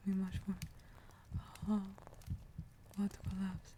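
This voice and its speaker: A woman whispering softly in an ASMR livestream, greeting viewers and answering chat, often sinking into a relaxed, lower voice. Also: a little slow, pauses often, a little hiss or hum. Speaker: livestream host.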